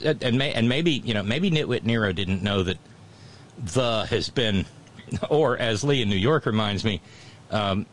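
A man hosting a talk show, chatting about politics in a wry, digressive way and chuckling at his own jokes. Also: on the low side.

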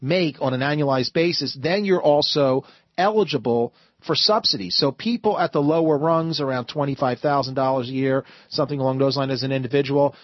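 A man hosting a call-in talk radio show, talking fast and repeating words as he builds his points. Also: medium pitch, no room sound. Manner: stammering, repeats words while building arguments. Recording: muffled broadcast audio.

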